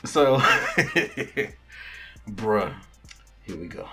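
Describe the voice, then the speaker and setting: A man's voice: on the low side, extremely slow, music in the background. A man hosting a podcast, casually recapping a TV episode in slangy, profane talk and acting out the characters' lines. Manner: animated storytelling with quoted character lines and laughs. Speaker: podcast host.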